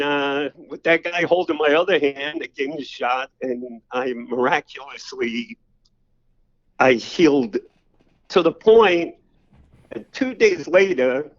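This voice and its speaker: An older man, a podcast guest telling personal stories in a loose, rambling way full of "you know" fillers. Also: fairly high pitch. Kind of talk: casual storytelling interview. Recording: slightly dull lo-fi audio.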